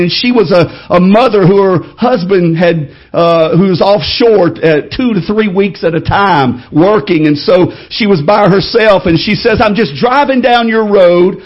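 A man pastor telling a story in a sermon, building into loud, shouted preaching. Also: sits high, muffled recording.

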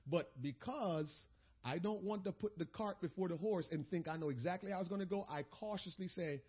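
A male pastor preaching a sermon, moving between loud exhortation and quiet storytelling. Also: high-pitched, fairly quick, husky, dull audio.

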